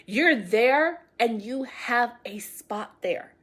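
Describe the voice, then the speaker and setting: A woman's voice: on the high side, expressive, slow, hardly any pauses, fairly bright tone, husky. Encouraging woman giving a tarot reading. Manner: emphatic, encouraging, repeats key phrases; addresses viewers directly, casual and affectionate. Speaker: tarot reader. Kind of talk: intuitive tarot reading to camera.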